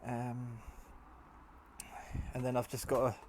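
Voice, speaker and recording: A man's voice: mid-range voice, completely flat delivery, slow pace. Tired rambling man talking while he builds. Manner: rambling, chatty, many fillers and restarts. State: tired, half asleep. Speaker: hobbyist maker. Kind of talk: casual build vlog. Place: indoor workshop at home. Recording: faint background noise and clicks.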